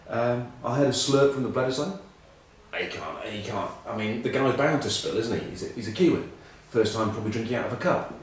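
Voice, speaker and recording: A man's voice: medium pitch, brisk, a little hiss or hum. Rambling English man, echoey and distant. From England. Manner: rambling, self-mocking anecdotes with many ums. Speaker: rugby pundit. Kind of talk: casual chat.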